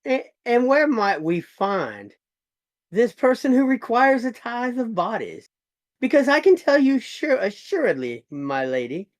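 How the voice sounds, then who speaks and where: A man's voice: high voice, full character voice. A man playing a stiff courtly nobleman. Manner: stiff, old-fashioned courtesy, stammers when upset. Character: formal, courtly noble man, naive of the world.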